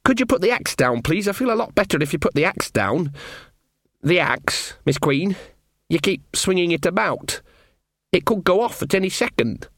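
A man's voice: high voice, sing-song, moderate pace, a bit bright, no echo, studio quality, pitched above the performer's own voice, exaggerated voice. A man voicing a nervous, injured young man who hesitates and stammers.

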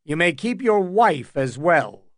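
A man's voice: fairly high pitch, very animated, slow pace, no room sound, clean studio sound. A man voicing a cold, commanding older lord with an icy, contemptuous manner in an audiobook.

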